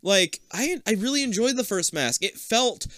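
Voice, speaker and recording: A man's voice: high voice, expressive, moderate pace, sharp tone, no echo. A young man co-hosting a podcast, chatting casually about a show in a rambling way with frequent swearing, close on a mic. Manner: rambling, swearing, laughs easily. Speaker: podcast co-host. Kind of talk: casual chat reviewing a show.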